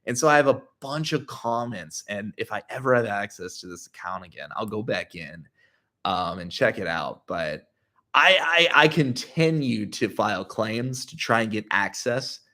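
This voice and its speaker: A man's voice: fairly low pitch, bright, forceful tone. A young adult man on his channel, telling a story casually and animatedly, full of filler words. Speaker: YouTuber.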